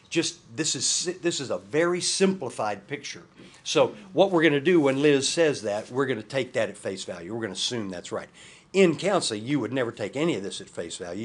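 A man's voice: mid-range voice, slightly rough. A man teaching a counseling class, folksy, repeating his points and putting questions to his listeners. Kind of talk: teaching a class, reading a case study.

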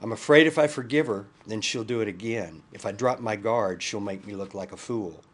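A man's voice: fairly low pitch, brisk, husky. A man reading the lines of an angry, hurt husband in marriage counseling, in a bitter tone. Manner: bitter, read aloud.

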